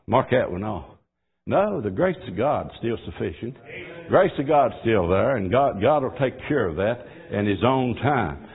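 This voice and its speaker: A man's voice: medium pitch, very animated, unhurried, slightly rough. Fervent preacher man, tinny audio. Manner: fervent preaching that swings from quiet asides to shouted exhortation. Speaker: pastor. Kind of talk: sermon.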